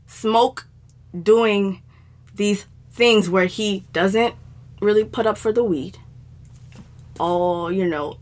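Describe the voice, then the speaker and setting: A woman co-hosting a podcast, telling a profane story in casual chat and getting more animated and loud. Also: medium pitch. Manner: animated, profane, rising to shouting as she relives anger.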